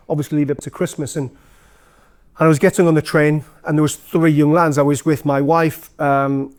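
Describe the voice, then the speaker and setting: This chatty Geordie from North East England has a fairly high pitch and is a former CEO giving a guest talk. Speaking live to an audience in an event room, he tells anecdotes in a self-deprecating way, using lots of fillers.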